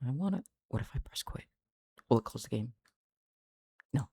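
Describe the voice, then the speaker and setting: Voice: mid-range voice, lively intonation, moderate pace, darkish tone, husky, dry recording. A game streamer, chatting casually through a livestream, giggling often and muttering to themselves. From Canada. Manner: giggly, talks to themselves, lots of laughter.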